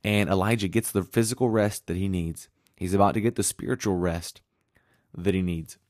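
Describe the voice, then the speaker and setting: A man's voice: low voice, steady tone, normal speed, darkish tone, dry recording, studio quality. A man preaching a sermon in an earnest, conversational way, reading scripture aloud as he goes.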